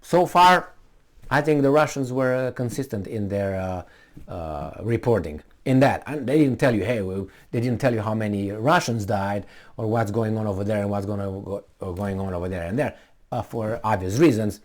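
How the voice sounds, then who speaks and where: A man's voice: on the low side, normal speed. A man giving a casual commentary for a video, sarcastic and rambling, with many fillers and false starts.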